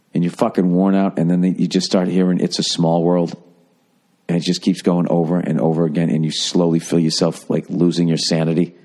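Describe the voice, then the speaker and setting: A man's voice: deep voice, dark tone. A middle-aged man hosting a comedy podcast, ranting with lots of swearing and slipping into mocking voices. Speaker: podcast host.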